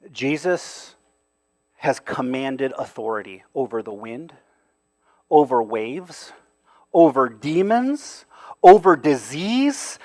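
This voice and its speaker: A male pastor preaching a sermon, swinging between loud, mocking voices he puts on and hushed, near-whispered lines. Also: on the high side, no room sound.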